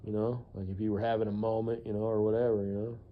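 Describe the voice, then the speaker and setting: A man's voice: on the low side, little pitch movement, quick pace, narrow, tinny audio. A man vlogging in a casual, rambling monologue, profane and full of "you know" fillers.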